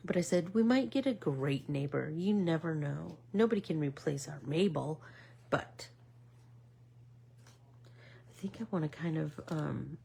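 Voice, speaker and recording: A middle-aged woman vlogger chatting casually as she makes art, telling a rambling story with many fillers and now and then dropping to a soft whisper. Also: sits low, expressive, measured pace, vocal fry, pauses often, slight background noise. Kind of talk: casual chat while making art.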